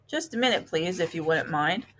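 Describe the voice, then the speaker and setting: A stingy little mouse who is given to melodrama, pleading in a high, pitiful voice as he clings to his savings, as a woman reads him aloud. It is a storybook read-aloud with a fairly low-pitched reader behind it. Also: expressive, normal speed, slight background noise, close to an everyday voice. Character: fussy, dramatic, stingy male mouse.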